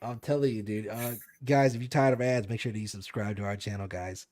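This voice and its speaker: A man's voice: on the low side, fairly even intonation, fairly quick, crowd noise. A young man on a podcast, telling a spooky story casually with lots of fillers and swearing. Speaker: podcast co-host.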